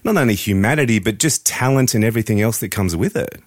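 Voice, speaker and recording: A man's voice: on the low side, lively intonation, fast talker, no echo, clean studio sound. A man in his forties from Australia, hosting a casual radio show and speaking earnestly and reflectively. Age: 40s.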